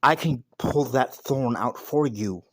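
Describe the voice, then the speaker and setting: A man voicing a calm, knowing little male mouse who talks in a soothing, street-casual way. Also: medium pitch, takes it slowly, dry recording, studio quality. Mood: calm, reassuring.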